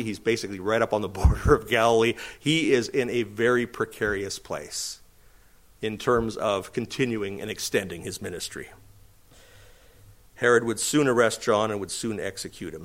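A man preaching a verse-by-verse Bible teaching sermon, asking rhetorical questions and acting out quoted speakers. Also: mid-range voice. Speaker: pastor.

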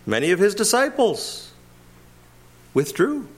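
Male pastor, somewhat high voice, emphatic teaching delivery with rhetorical questions. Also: very animated, slow pace, slightly rough. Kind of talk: expository sermon.

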